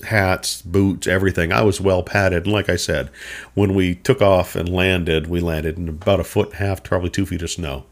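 A middle-aged man hosting a show, telling a childhood story in a relaxed, rambling, self-deprecating way. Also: low voice. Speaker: podcast host. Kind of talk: personal storytelling.

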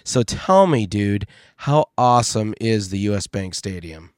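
A man's voice: lowish voice, lively intonation, unhurried, no echo, clean studio sound. A man from Minnesota co-hosting a casual tech podcast, jokey and playfully dramatic, with lots of filler words. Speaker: podcast co-host.

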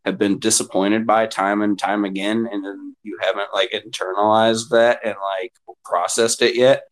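A man reading tarot on a casual podcast, swearing freely and talking in an animated way. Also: on the low side, normal speed. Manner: profane, animated, acts out clients in mocking voices. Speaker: tarot reader.

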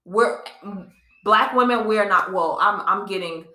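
A woman's voice: mid-range voice, measured pace, bright, forceful tone. A young woman co-hosting a casual podcast chat, talking with passion and emphasis, often repeating herself. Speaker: podcast co-host. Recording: echoey room.

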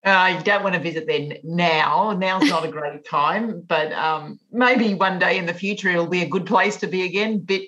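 A woman's voice: on the low side, normal speed, hardly any pauses, a bit bright. A woman in her fifties with an Australian accent, a naturopath guest explaining things in a podcast interview. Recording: dull lo-fi remote audio.

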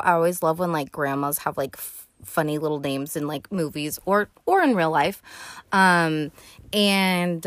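A woman's voice: fairly low pitch, fairly bright tone, no room sound, clean studio sound. A young woman hosting a podcast, recapping a movie in casual, rambling chat full of "like", "um" and swearing. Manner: rambling, profane, lots of "like" and "um". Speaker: podcast host.

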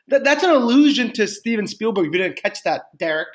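High-voiced man rambling and stammering. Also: lively intonation, normal speed. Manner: rambling, stammering, laughs often. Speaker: podcast co-host. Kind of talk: casual comedic banter.

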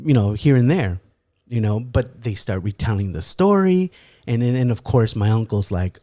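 A man casually telling a story, animated and profane, with lots of fillers. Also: medium pitch, normal speed, no room sound. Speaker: storyteller guest. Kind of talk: casual chat, anecdote.

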